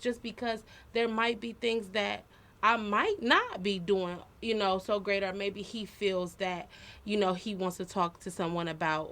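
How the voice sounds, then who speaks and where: A woman in her thirties with a slightly low voice, talking casually on a podcast. She tells personal stories in an earnest and reflective way, as a co-host would. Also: fairly bright tone.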